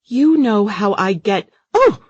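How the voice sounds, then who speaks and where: A man voicing a fussy, shrill mother. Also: very animated, a little slow, a little mellow, no room sound, dull audio, exaggerated voice. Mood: frantic. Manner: high, fussy and shrill, sing-song at times. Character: flustered uptight middle-aged mother, fussy. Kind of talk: audiobook character voice.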